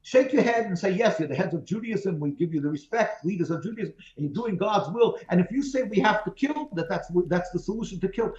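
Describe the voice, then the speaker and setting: A man's voice: high voice, lively intonation, brisk, hardly any pauses, darkish tone. Impassioned man on a roomy call. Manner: emphatic, pleading, with repeated phrases and restarts. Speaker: rabbi, interview guest. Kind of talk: impassioned interview answers. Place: remote call from home. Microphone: video call. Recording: roomy, dull video-call audio.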